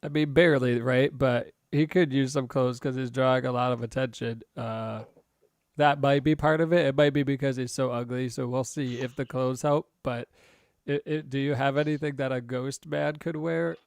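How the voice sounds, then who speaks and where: A man's voice: mid-range voice, fairly even intonation, moderate pace, creaky, no room sound, studio quality. A man playing a tabletop game, joking and rambling. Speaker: player. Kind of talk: tabletop role-play.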